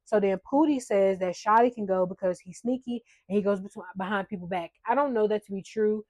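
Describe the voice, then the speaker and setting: A woman's voice: medium pitch, brisk, a little mellow, dry recording. A woman giving a casual reality-show recap, chatty, blunt and sarcastic, swearing freely. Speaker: recap vlogger.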